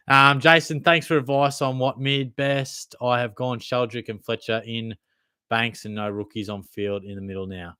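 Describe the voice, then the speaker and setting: A man's voice: medium pitch, normal speed, pushed and bright, dry recording, studio quality. A young Australian man hosting a casual livestream Q&A, reading out chat questions in a laid-back, blokey way, calling everyone mate and swearing freely. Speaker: fantasy football livestream host.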